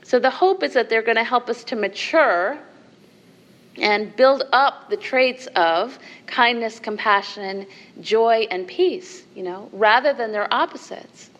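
A woman teaching as a meditation leader, giving a dharma talk to a group in a measured way, with soft laughs and asides of "right?". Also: on the high side.

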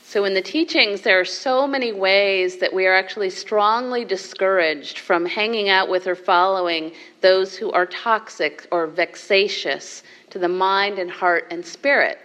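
Slow, measured woman giving a dharma talk. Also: medium pitch. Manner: slow, measured, with soft laughs and rhetorical "right?". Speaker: Buddhist meditation teacher. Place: meditation hall with a group.

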